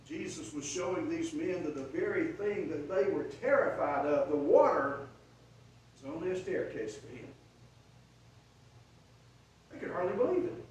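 A man's voice: high voice, big pitch swings, normal speed, long pauses, darkish tone. A man preaching a sermon, retelling a story with dramatic swells in volume. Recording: echoey room from far off, faint noise.

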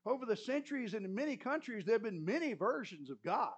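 A man preaching a sermon, retelling a scripture story in an animated way and often clearing his throat. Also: sits high, quick pace. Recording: muffled lo-fi recording.

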